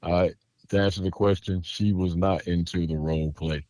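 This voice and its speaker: A man's voice: low-pitched, steady tone, moderate pace, mellow, no echo. A man hosting a podcast, talking emphatically with lots of repetition and swearing, then closing the show. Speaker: podcast host. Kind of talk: casual podcast chat.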